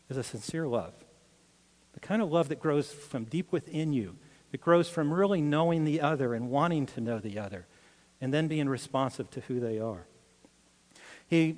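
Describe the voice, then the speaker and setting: A man's voice: on the high side, big-room sound. An older man, a pastor, preaching an earnest sermon with personal stories and frequent restarts.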